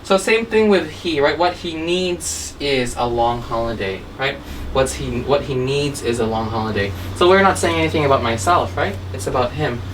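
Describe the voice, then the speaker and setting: A woman's voice: a bass voice, animated, moderate pace. A woman English teacher explains grammar in a lesson and ends many lines with "right?" or "okay?". She sits some way from the mic. A faint hiss runs under her voice. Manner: tags sentences with "right?" and "okay?". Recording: distant mic with faint background noise.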